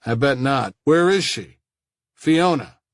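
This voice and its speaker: A man's voice: medium pitch, lively intonation, slow pace, no echo, studio quality. A man narrating an audiobook, voicing a tense middle-aged male football coach who talks in short wary lines.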